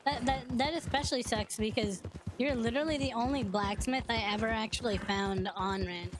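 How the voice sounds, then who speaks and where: A woman's voice: on the high side, fairly quick. A woman streamer chatting casually during a roleplay game, easygoing and trailing off mid-sentence.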